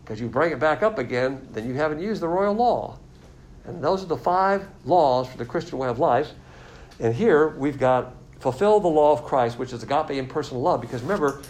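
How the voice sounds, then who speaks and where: A man's voice: a little high, darkish tone, poor audio. A man teaching a sermon-style Bible lesson, explaining word meanings and repeating his key points.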